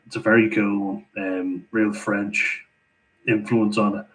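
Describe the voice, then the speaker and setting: A man's voice: fairly low pitch, level tone, slow, pauses often, a bit bright, poor audio. An Irish man hosting a casual live Q&A, chatting with viewers and laughing often between remarks. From Ireland. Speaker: channel host answering viewer questions.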